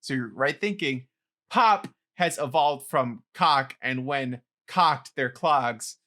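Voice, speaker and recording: A man's voice: mid-range voice, takes it slowly, pushed and bright. A young man co-hosting a podcast in casual chat, playful and teasing as he reads trivia aloud. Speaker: podcast co-host.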